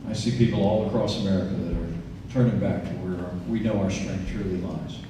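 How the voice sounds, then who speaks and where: A man's voice: sits low, brisk, background noise. Man, 60s, from Indiana, campaign speech, earnest folksy storytelling, very roomy long reverb. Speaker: politician giving a campaign speech. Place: event venue, large indoor room. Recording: echoey hall, distant mic.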